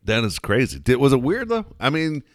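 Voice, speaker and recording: A man's voice: medium pitch, very animated, brisk, no echo. Dude ribbing his buddy, voice jumps all over the place, dry close mic. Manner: teasing, argumentative banter. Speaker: podcast co-host. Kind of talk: casual chat.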